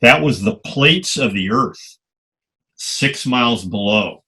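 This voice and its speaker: Older man, bright animated storyteller. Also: mid-range voice, slow, breathy edge. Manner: animated anecdotes, salty language. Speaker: guest photographer. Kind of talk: storytelling interview.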